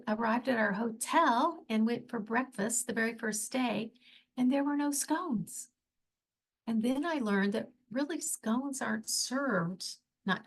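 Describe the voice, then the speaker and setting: A woman hosting her own podcast, telling travel stories in a chatty, enthusiastic way with gushing asides. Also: mid-range voice. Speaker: podcast host. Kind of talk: casual solo podcast storytelling.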